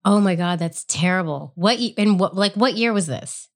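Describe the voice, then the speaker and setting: A woman's voice: mid-range voice, normal speed. A woman hosting a podcast, an effusive and emotionally reactive listener in casual conversation. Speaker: podcast host.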